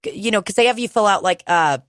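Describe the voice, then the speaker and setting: A woman's voice: medium pitch, a bit bright, dry recording, studio quality. Candid swearing woman podcaster. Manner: candid, swearing, talks fast when quoting herself. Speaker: podcast co-host. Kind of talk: casual chat.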